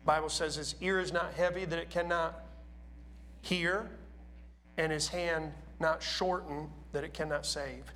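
A man's voice: a little high, fairly even intonation, unhurried, bright, forceful tone, soft background music. A man preaching a sermon in a church, talking casually and asking his congregation questions.

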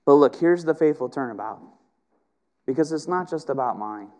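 A middle-aged man preaching a sermon with passion, rising to loud emphatic peaks and dropping to quiet, intimate stretches. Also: mid-range voice, animated, normal speed. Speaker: pastor.

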